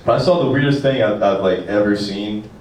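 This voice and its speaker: Young stand-up comic, echoey room. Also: male voice, fairly low pitch, moderate pace, a crowd in the background. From rural Pennsylvania. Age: young adult. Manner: loose, profane, self-mocking delivery. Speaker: stand-up comedian. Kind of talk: stand-up comedy set. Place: small apartment comedy show. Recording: echoey room, distant, noisy.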